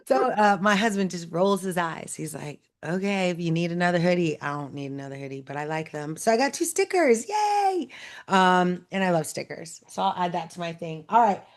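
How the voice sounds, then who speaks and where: A woman hosting a show, chatting casually and bubbling over as she unboxes gifts, full of quick asides. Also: on the low side, big pitch swings. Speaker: host.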